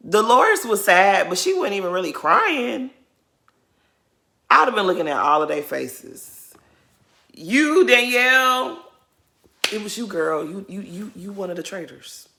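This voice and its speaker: A sassy voice giving off-the-cuff reality TV reaction commentary. The pitch swings widely, and the tone is bright and forceful as the speaker talks straight at the people on screen. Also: big pitch swings, measured pace, vocal fry, long pauses.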